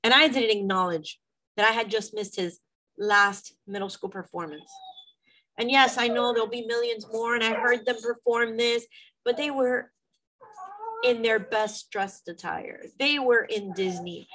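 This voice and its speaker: Middle-aged mom, candid vlogger, emotional and venting. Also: female voice, a little high, a little slow, sharp tone, rough recording. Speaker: mother. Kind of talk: personal vlog storytelling.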